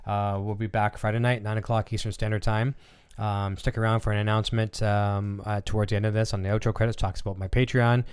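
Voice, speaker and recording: On a relaxed live stream, a friendly male channel host chats off the cuff in a lowish voice at a quick pace. He speaks smoothly and clearly but scatters plenty of ums and uhs between thoughts.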